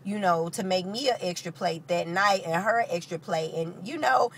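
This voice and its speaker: A woman with a St. telling a personal story in a casual, animated, profane way. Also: lowish voice, normal speed, slight background noise.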